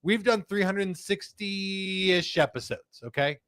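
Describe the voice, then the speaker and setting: A man hosting a live studio show, hyped and jokey, swinging between loud calls and quiet asides. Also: sits high, slow, clear, resonant tone, dry recording. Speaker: host.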